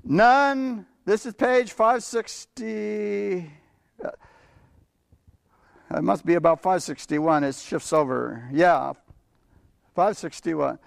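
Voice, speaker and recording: A man's voice: sits high, slow pace, gravelly, long pauses, no echo, clean studio sound. A man preaching a sermon, emphatic and blunt, often chuckling between his points as he reads and explains scripture. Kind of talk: sermon with Bible reading.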